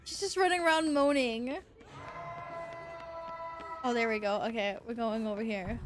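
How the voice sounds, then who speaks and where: A woman streamer giving live commentary on a horror game, excitable, swearing and shrieking with laughter when chased. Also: on the high side, moderate pace, over music.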